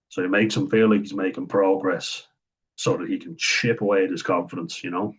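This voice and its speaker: A man's voice: deep voice, fairly even intonation, moderate pace, pauses often, husky, low-quality recording. An Irish man talking through a series in casual commentary, blunt and chatty, acting out the quoted lines as he goes. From Ireland.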